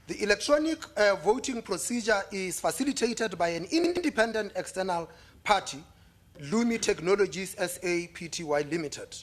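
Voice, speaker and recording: A man with a South African accent chairs a formal meeting. His voice sits high for a man, and he reads through the agenda items steadily, pausing briefly with small fillers.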